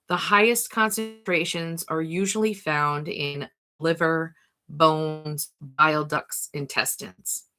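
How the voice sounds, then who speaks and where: Middle-aged woman, host, chatty and thinking aloud, gravelly voice, bright tone. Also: on the low side. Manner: chatty, thinks aloud, talks to herself by name. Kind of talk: casual personal talk to camera.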